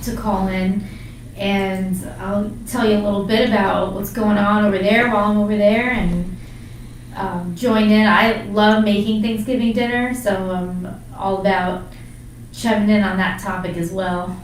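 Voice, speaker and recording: A woman's voice: medium pitch, fairly even intonation, unhurried. A woman co-hosting a local radio chat show, talking in a loose, joking way and laughing easily. She sits a little back from the mic, so the room's strong echo colors every word. A faint hiss runs under her voice. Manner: chatty, jokey, laughs often. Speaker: podcast co-host. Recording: echoey room, mic at a distance, faint noise.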